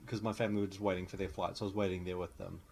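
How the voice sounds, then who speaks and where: A man's voice: low-pitched, little pitch movement, rapid-fire, creaky, a little mellow, slight background noise. A man, co-hosting a podcast in a casual, joking chat and ranting about reality shows. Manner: jokey, ranting, acts out quotes in mock voices. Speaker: podcast co-host.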